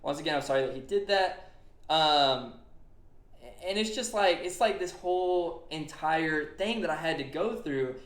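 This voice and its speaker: A man's voice: a little high, lively intonation, unhurried, a bit bright. A young man hosting a casual podcast, earnestly retelling a conversation with lots of fillers. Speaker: streamer and podcast host. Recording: echoey room.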